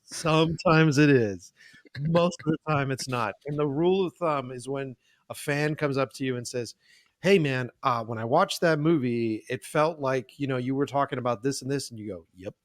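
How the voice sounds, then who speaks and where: A man's voice: medium pitch, moderate pace, dry recording, clean studio sound. A man, a film director, telling stories on a podcast in a casual chat, acting out quotes and swearing freely. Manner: animated storyteller, acts out quotes, swears freely.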